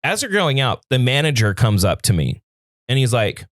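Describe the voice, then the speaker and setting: Male podcast co-host, lively pitch, dry close mic, profane animated storyteller. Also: normal speed, dry recording. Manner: animated storytelling, swearing, acts out his own angry rants. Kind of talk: casual chat.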